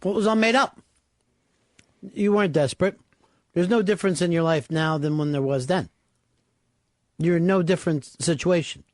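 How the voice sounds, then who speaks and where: A man's voice: on the high side, moderate pace, pauses often, no room sound, clean studio sound. A man hosting a radio talk show, bossy and brash, swearing freely as he plans a stunt. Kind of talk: casual radio banter.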